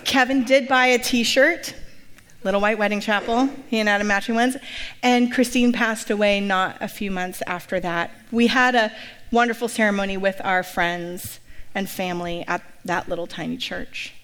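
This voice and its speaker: A middle-aged woman pastor giving a personal testimony, telling stories with lively acted-out quotes. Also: medium pitch, moderate pace, smooth, long reverb tail. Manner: lively storytelling, acting out quoted voices.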